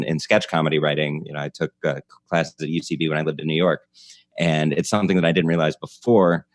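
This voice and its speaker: A man's voice: low-pitched, no echo. A man hosting a podcast, chatting casually about comedy, rambling with many restarts and laughing between lines. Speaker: podcast host.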